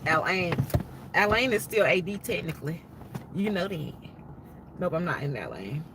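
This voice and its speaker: A woman, chatting casually to a livestream audience and acting out other people's lines in a higher voice. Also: animated, normal speed. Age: 30s. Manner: chatty, acts out quoted people in a high voice. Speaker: vlogger. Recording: loud car and street noise.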